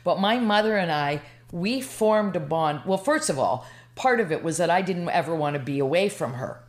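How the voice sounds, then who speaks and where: A woman's voice: lowish voice, lively intonation, normal speed. A woman in her sixties from Canada, a podcast guest telling a personal story in a rambling, emotional way. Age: 60s. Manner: rambling, emotional, lots of restarts.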